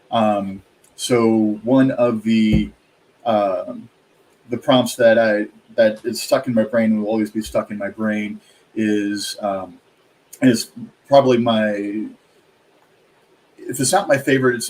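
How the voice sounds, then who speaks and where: A man's voice: on the low side, steady tone, measured pace, a little mellow, rough recording. A man chatting as a guest author, rambling with many fillers and quoted asides. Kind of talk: casual chat.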